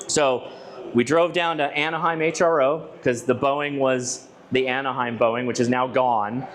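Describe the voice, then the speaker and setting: A man's voice: mid-range voice, steady tone, measured pace. Chatty man giving a club talk. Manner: chatty storytelling with frequent restarts and asides to the audience. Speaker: ham radio channel presenter giving a club talk. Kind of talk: conversational presentation to a live audience. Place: club meeting room with a live audience.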